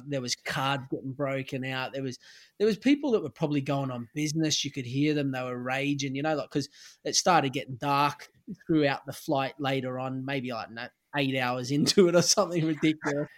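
A middle-aged Australian man, a former footballer, casually telling an anecdote and acting out the lines of the people in it. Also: medium pitch. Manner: animated anecdote-telling, acts out quoted lines. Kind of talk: casual storytelling.

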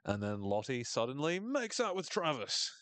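With a medium-pitched, fairly bright voice that swings widely, a man recaps a TV episode on his podcast in a relaxed, dryly humorous way. He performs characters' dialogue in fast voices, recorded dry.

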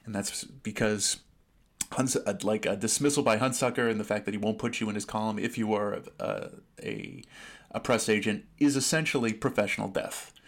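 A man in casual film discussion, measured and thoughtful, pausing often with ums. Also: fairly low pitch.

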